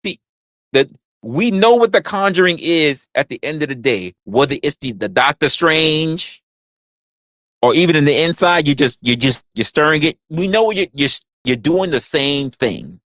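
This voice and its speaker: A man's voice: a little high, animated, normal speed, a bit bright, no echo. A man hosting a livestream in casual chat, rambling, crude and joking, repeating his phrases into a close mic. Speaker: livestream host.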